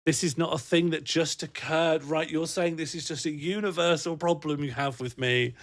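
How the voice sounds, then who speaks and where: A man's voice: a little high, steady tone, normal speed. A young man chatting on a livestream, reading out chat messages and laughing often in a rambling, playful way. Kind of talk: casual live-stream chat.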